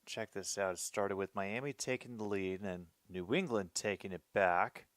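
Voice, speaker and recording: A man's voice: on the low side, normal speed, fairly bright tone, no room sound. A man hosting his own show, reacting casually to a football game as he watches, muttering to himself.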